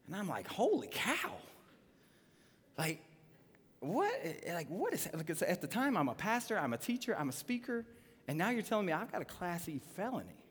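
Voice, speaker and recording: A man's voice: high voice, fast, slightly rough. A man in his thirties, a pastor telling a story in a live sermon and acting out the voices of the people in it. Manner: animated, acts out quoted lines. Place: church auditorium. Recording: long reverb of a live church hall.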